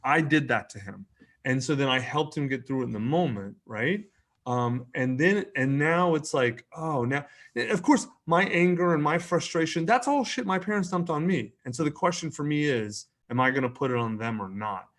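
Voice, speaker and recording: A man's voice: on the high side, normal speed, a bit bright. A man in his thirties, frank and earnest, swearing casually and restarting sentences while telling a personal story as a podcast guest. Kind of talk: candid conversational storytelling.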